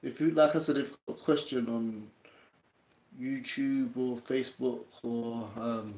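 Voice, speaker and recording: A man's voice: medium pitch, fairly even intonation, unhurried, darkish tone. A man with a London accent hosting a casual livestream, chatting in a streetwise way and answering viewers' comments. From England. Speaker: livestream host. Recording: roomy, dull lo-fi sound.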